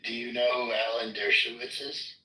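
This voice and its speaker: A man with a very bright, mid-pitched voice speaks calmly in short, provocative interjections during a heated argument. His voice echoes around the room. He sounds distant from the mic. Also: normal speed, soft background music. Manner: calm, brief, provocative interjections.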